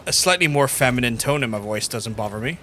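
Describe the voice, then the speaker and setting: A man's voice: mid-range voice, lively intonation, fast, bright, forceful tone, a little hiss or hum. A young man commentating his own gameplay live, sweary and blunt, ranting between fights. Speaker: gaming streamer. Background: game music.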